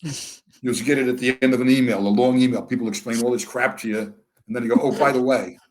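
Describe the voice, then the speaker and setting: He talks fast in a mid-range voice. An older American man appearing as an interview guest, he spins candid stories and acts out both sides of conversations in an animated, dryly witty way.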